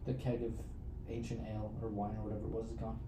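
A man's voice: fairly low pitch, completely flat delivery, fast. A man running a tabletop game as game master, narrating scenes with a playful, laughing manner. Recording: echoey room, faint noise.

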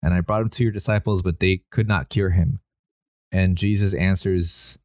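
A man's voice: low voice, steady tone, normal speed, no echo. A man casually retelling Bible stories in conversation, with many fillers and quoted lines. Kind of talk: casual discussion of scripture.

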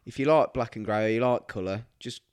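A man's voice: medium pitch, a little mellow, clean tone, no room sound. A man co-hosting a casual podcast as a tattoo artist, often laughing and teasing his partner. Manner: teasing, quick to laugh and interject. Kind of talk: casual chat.

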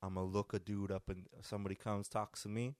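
Low-voiced man swearing through stories. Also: level tone, fairly quick, darkish tone, clean tone, dry recording. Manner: crude, profanity-laden storytelling. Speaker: podcast host. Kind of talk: casual solo podcast monologue.

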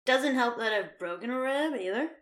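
Crude, laughing woman, slightly high. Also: lively intonation, moderate pace. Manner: crude, joking, laughs often. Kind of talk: casual chat.

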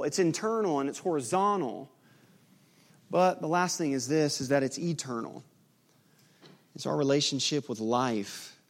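A man delivering a sermon, lively and animated, teasing his listeners now and then. His voice sits a touch higher than most men's. He moves between quiet points and raised, punchy asides. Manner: lively preaching, teasing the congregation. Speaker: pastor.

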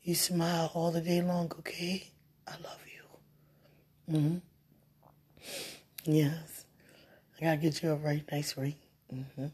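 Woman, low husky voice, slow and tender, phone right at her mouth. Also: flat delivery, darkish tone. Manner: tender, sweet-talking, teasing. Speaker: partner leaving a voice message. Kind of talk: intimate phone message. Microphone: phone held close to the mouth.

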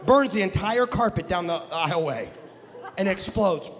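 A man from the Midwest, a guest pastor telling a comic story in a sermon, animated and jokey with bursts of shouting. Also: sits high, moderate pace. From American Midwest. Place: church sanctuary. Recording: long hall reverb in a church.

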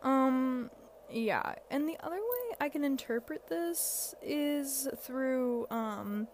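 Chatty teenage girl with gravelly fry. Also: high voice, lively intonation, slow pace, a little mellow, slight background noise. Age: teens. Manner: chatty, rambling, self-deprecating, frequent "like" and "um". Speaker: podcast host. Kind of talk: casual advice podcast.

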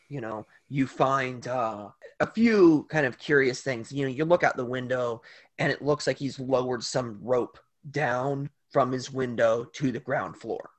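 A man narrating as game master of a tabletop game, loose and full of fillers. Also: medium pitch.

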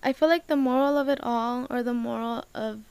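A young woman with a smooth, clear voice sitting close to the mic in a dry, deadened space. She rambles through her feelings with constant fillers and casual swearing, on the edge of tears. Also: on the high side, steady tone, a little fast, a little mellow, no room sound. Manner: rambling, emotional, heavy use of "like", swears casually. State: tearful. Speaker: vlogger. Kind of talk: casual personal talk to camera.

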